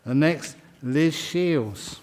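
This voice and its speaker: A man leads a ceremony, calling out names one by one and chatting with each person he welcomes. His delivery is slow and unhurried, and his voice has a dark, mellow tone. He often laughs lightly between names. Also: on the high side. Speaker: monk leading a ceremony. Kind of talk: reading names and welcoming new members. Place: meditation hall.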